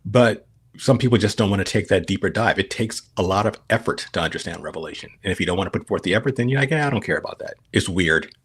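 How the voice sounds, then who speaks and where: A man's voice: deep voice, fast talker, fairly bright tone, slightly rough. A man speaking as a podcast guest in casual chat, rambling with frequent restarts.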